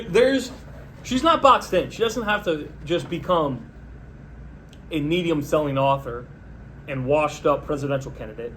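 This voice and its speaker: Male host, slightly higher register, deadpan sarcastic monologue, faint hiss behind. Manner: sarcastic, mocking, deadpan pitching. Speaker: podcast host. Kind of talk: solo comedic political rant.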